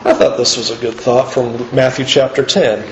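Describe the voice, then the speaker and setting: A man preaching a sermon in an earnest, emphatic way, pushing his pitch up to stress his points. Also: steady tone, normal speed, reverberant, muffled recording, a little hiss or hum.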